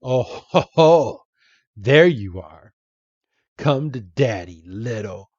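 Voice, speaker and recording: A man's voice: medium pitch, lively intonation, takes it slowly, a little mellow, dry recording. A man voicing a fussy, doting old male professor who coaxes and chuckles, in a dull, dry recording. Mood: coaxing.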